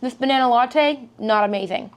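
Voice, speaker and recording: A woman's voice: fairly high pitch, normal speed. A young woman chatting casually in a vlog, rambling and giggly, with lots of fillers. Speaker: vlogger.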